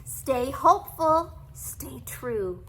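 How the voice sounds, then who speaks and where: An older woman reads a children's storybook aloud at an unhurried pace. Her voice is bright and bounces up and down, and she breaks off to chat with the listener. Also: high-pitched, a little hiss or hum, low-quality recording. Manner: animated, with asides to the listener.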